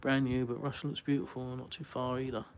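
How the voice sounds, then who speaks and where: An English man from the UK hosts a live stream outdoors in a village, answering chat questions with blunt, dry sarcasm. His mid-range voice is level and a little fast, with background noise behind it.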